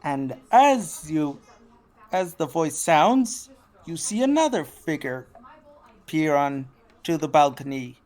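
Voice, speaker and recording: A woman narrating as game master for a tabletop game, slow and halting with many restarts. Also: low-pitched, sing-song, a little mellow.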